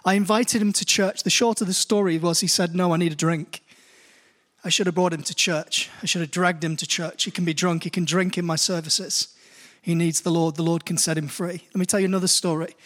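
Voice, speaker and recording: A pastor with a British accent delivers a sermon in church, first reading scripture in a slow, measured way. He then shifts to telling stories, becoming more animated and climbing in pitch.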